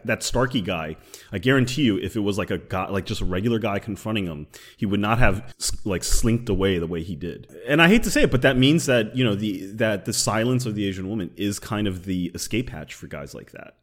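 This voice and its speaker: A man co-hosting a podcast, talking bluntly and animatedly with plenty of swearing. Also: lowish voice. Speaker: podcast co-host. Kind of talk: casual chat.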